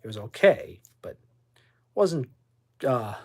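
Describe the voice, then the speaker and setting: A man's voice: medium pitch, big pitch swings, darkish tone, breathy edge. A man hosting a live stream from his room at home, reading chat and answering bluntly with plenty of swearing. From Boston. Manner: blunt, profane, quick to dismiss with a laugh. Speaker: livestream host reading chat. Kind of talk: casual livestream chat.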